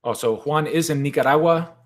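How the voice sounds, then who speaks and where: A man's voice: on the high side, a little fast, background noise. A man chatting casually on a live stream at his desk at home, joking and greeting viewers in the chat. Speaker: toy collector hosting a live stream.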